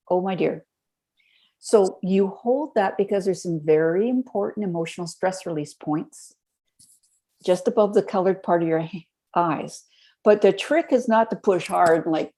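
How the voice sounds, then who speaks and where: A woman with a lowish voice is interviewed on a podcast in a conversational style. She tells spirited stories and lays out health tips step by step.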